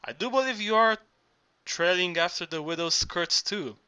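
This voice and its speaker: Teasing village cop man reading, mocking, bright. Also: sits high, normal speed, clean tone, pitched above the performer's own voice.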